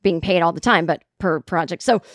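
A woman's voice: on the low side, fairly quick, dry recording, clean studio sound. A woman hosting a comedic solo podcast, talking candidly and self-mockingly, with casual swearing. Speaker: podcast host.

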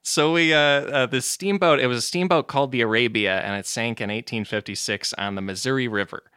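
A man's voice: mid-range voice, brisk, pushed and bright, smooth, no echo, clean studio sound. A man co-hosting a podcast in casual chat, laid-back and laughing often as he explains things. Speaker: podcast co-host.

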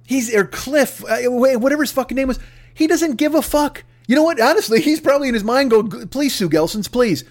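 A man's voice: extremely high pitch, quick pace. A man hosting a podcast, ranting angrily and sarcastically with heavy swearing. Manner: angry, sarcastic, swearing heavily. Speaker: podcast host. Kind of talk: profane comedic rant.

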